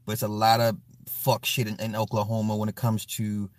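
A man's voice: fairly low pitch, completely flat delivery, a little fast, dry recording. A man chatting casually on a live stream at home, reading out comments in a rambling, profane way with many restarts and apologies.

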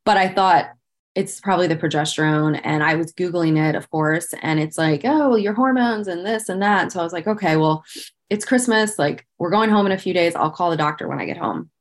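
Speaking a little fast in a lowish voice, a podcast guest in her thirties shares a painful personal story with open, earnest feeling. She says "like" frequently, and the emotion of the memories clearly shows.

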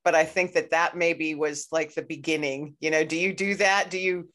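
A woman's voice: low-pitched, fairly even intonation, normal speed, fairly bright tone. A woman hosting a podcast interview, talking in a chatty, rambling way with many "you know"s. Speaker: podcast host. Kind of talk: casual conversational interview.

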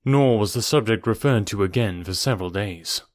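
Low-voiced male audiobook narrator. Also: moderate pace, no room sound, studio quality.

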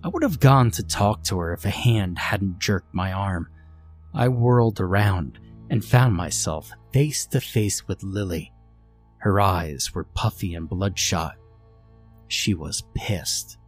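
A man reads a first-person horror story in a dry, matter-of-fact way, his voice low and his pace unhurried. Faint music plays underneath. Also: expressive. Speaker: narrator. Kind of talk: scripted horror story narration.

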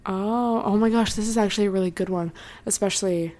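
A woman's voice: mid-range voice, fairly even intonation, brisk, a little mellow. A young woman hosting her own podcast, chatting casually and earnestly, with lots of "like" and trailing thoughts. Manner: earnest, reassuring. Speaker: podcast host. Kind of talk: casual solo podcast chat.

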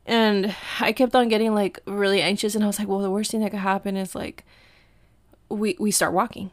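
A woman's voice: medium pitch, a little fast, dry recording. Chatty young woman telling a travel story. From Mexico. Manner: chatty, animated, quotes herself and others. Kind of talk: casual storytelling.

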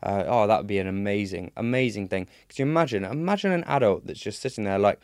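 A man's voice: fairly low pitch, lively intonation, quick pace, a little mellow, dry recording, studio quality. A young British man speaking earnestly as a podcast guest on mental health, with frequent fillers and restarts. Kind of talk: casual conversation.

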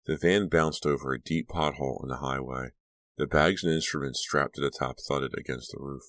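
A man narrating a young-adult horror audiobook in an even, measured reading. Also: rumbling low, dry recording.

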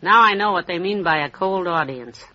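An actress playing a cheerful, wisecracking middle-aged housewife in a 1940s radio comedy. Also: female voice, lowish voice, normal speed, lightly acted. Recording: dull lo-fi old radio transcription.

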